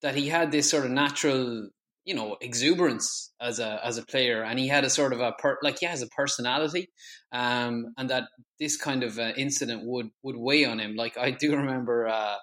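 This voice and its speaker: A man's voice: medium pitch, fairly quick, a bit bright. A man, a panelist rambling hesitantly in casual football chat. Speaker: podcast panelist.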